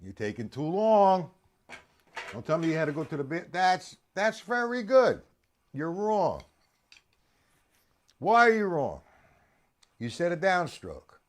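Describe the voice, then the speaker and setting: A man teaching drums on a live stream, his voice lively and swinging widely up and down. He is animated, teases his students, and keeps quizzing them by name. He sits a little high for a man. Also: unhurried, pauses often. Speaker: drum teacher. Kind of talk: live-streamed drum lesson.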